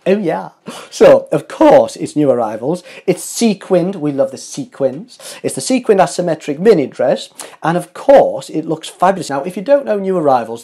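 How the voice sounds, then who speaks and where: Gushing male fashion host, husky and animated. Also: on the high side. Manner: gushing, sing-song, playful. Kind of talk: enthusiastic fashion commentary.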